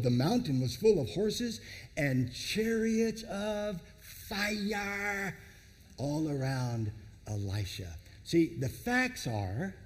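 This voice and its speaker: Male pastor, emphatic sermon delivery, gravelly texture, high and lively pitch, big reverberant hall. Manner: dramatic, emphatic preaching with long pauses.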